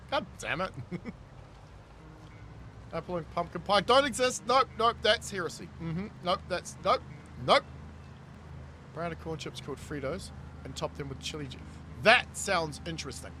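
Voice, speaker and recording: Chatty New streamer, bright voice. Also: male voice, sits high, animated, unhurried, long pauses, a little hiss or hum. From New Zealand. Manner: chatty, laughing often, reading chat aloud. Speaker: game streamer. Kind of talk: casual live-stream chat with viewers.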